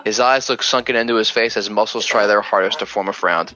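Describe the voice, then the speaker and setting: Game master guy, bright voice, trips over his words a lot. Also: on the low side, fairly even intonation, muffled recording, soft background music. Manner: halting, many restarts. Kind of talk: narrating a tabletop game.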